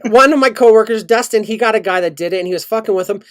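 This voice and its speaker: A man's voice: high voice, very fast, smooth. A man co-hosting a casual podcast, ranting and swearing as he tells stories. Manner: ranting, swears a lot, animated storytelling. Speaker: podcast co-host. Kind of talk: casual profane chat.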